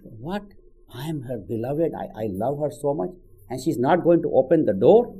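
A man's voice: medium pitch, animated, moderate pace, dark tone, breathy edge, soft background music, pitched above the performer's own voice. A man voicing a lovesick young man who pleads earnestly to be let in. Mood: pleading.

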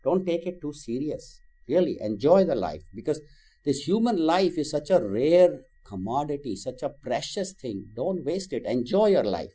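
Guy giving a gita class, warm mellow voice, gentle, lots of "you know". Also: on the high side, big pitch swings, moderate pace, slightly rough. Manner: gentle, storytelling, with fillers. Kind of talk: spiritual class talk with stories.

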